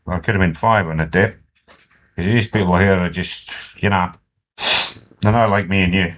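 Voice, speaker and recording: A man's voice: sits low, steady tone, normal speed, a bit bright, a little hiss or hum. A Scottish man rambling and joking through a spoken letter to family at home. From Scotland. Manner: rambling, joking, self-mocking. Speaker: cassette letter writer. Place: home living room with friends. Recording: dull lo-fi home cassette.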